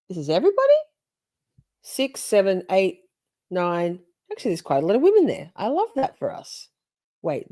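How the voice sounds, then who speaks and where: A woman's voice: low-pitched, dry recording. A woman hosting a livestream, chatting casually, swearing and reacting to her chat. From Australia. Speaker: livestream host.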